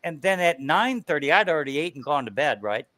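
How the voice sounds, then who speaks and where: A man's voice: on the high side, sing-song, brisk, a bit bright, dry recording. A man telling a story in casual chat, laid-back and rambling, filling gaps with "you know".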